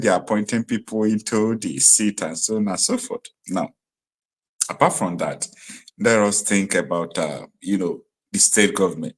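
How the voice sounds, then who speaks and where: A man from Nigeria hosting a live stream, commenting in an animated way that rises to emphatic outbursts. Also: deep voice, normal speed, breathy edge. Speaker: online show host.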